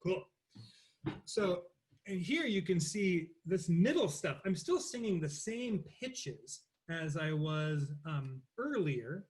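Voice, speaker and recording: A man's voice: high-pitched, big pitch swings, slow pace, darkish tone. A man leading an interactive online voice lesson, talking casually with many fillers and demonstrating vocal sounds over a computer mic. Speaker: voice teacher.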